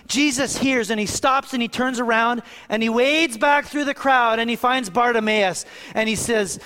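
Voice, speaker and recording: High-voiced pastor preaching in a reverberant hall. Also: male voice, a little fast, hardly any pauses. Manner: swings from hushed to raised, preacherly emphasis. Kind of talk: sermon.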